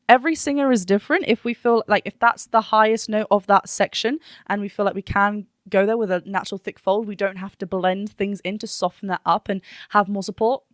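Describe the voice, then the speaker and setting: A woman's voice: mid-range voice, dry recording, clean studio sound. A woman vocal coach talking through a song in a chatty, analytic way, now and then singing short vowel demos. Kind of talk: reaction and analysis talk.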